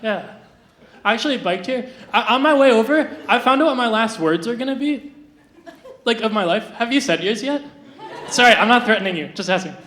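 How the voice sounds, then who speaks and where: A young adult stand-up comedian on a live stage, delivering absurd jokes deadpan with hesitant restarts and lots of fillers. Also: medium pitch, a little fast. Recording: roomy live venue sound.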